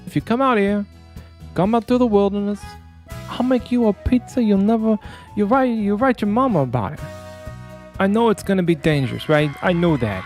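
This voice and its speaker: A man doing a shifty, high-voiced pizza man on the run. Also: lively intonation, moderate pace, a little mellow, faint music behind. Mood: shifty salesman. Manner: rambling and hesitant, full of stalls and excuses. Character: shifty nervous male pizza shop owner on the run. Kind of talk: comedy commercial skit.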